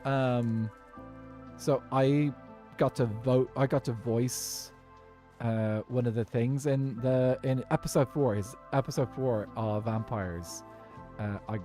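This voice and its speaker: A man with a Dublin Irish accent chatting casually while streaming a game, rambling and halting, with lots of fillers and restarts. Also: fairly low pitch, dark tone. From Ireland.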